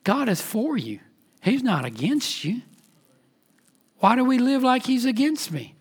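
A man pastor preaching a sermon emphatically, his voice dropping to a hush and then rising again. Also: very high voice, sing-song, unhurried, breathy edge. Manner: emphatic preaching, swings between loud and hushed.

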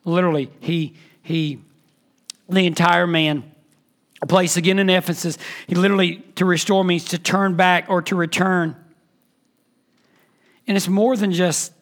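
A man preaching a sermon as pastor, impassioned, swinging between loud emphatic peaks and soft hushed lines. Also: high-pitched.

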